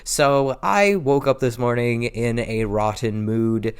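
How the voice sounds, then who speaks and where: Here a vlogger talks slowly in a clean, mid-range voice, rambling in a relaxed home video. He's self-deprecating, says things more than once and seems a bit out of breath, captured from a low angle by the camera's built-in mic.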